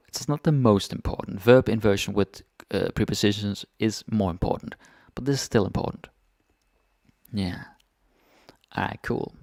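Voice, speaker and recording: Casting: male language tutor, low gravelly voice, laid-back and chatty, dry close sound. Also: no echo. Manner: relaxed, chatty, keeps asking "right?". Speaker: Danish language teacher. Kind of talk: casual grammar lesson.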